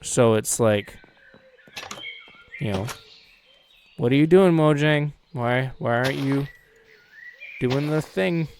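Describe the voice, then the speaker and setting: A man's voice: mid-range voice, takes it slowly, pauses often, slight background noise. A man hosting a game let's-play, chatting to himself and to viewers in a casual, musing way, humming now and then as he plays. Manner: chatty, talks to himself, muses out loud, hums as he plays. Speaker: gaming channel host.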